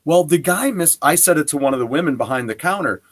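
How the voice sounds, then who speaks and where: Lively storytelling male show host. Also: fairly high pitch, fast talker. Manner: lively storyteller who acts out quoted dialogue. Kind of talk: casual chat, telling an anecdote.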